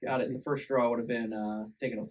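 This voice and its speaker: A man's voice: medium pitch, level tone, quick pace, recorded from a distance, crowd noise, poor audio. A man co-hosting a casual movie review podcast, recapping scenes and mocking the characters in exaggerated voices. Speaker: podcast co-host. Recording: faint background noise.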